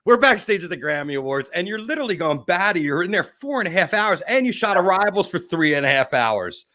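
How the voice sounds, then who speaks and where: A man's voice: sits high, sing-song, fairly quick, bright, forceful tone. A man hosting a casual interview, chatty and telling stories, laughing easily. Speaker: show host.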